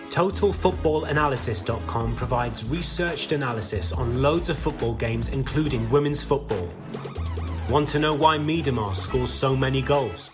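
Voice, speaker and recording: A man reads an upbeat, salesy ad in a scripted way. His voice is mid-pitched, and clear music plays underneath. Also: moderate pace. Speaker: ad reader. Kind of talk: scripted ad read. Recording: music bed.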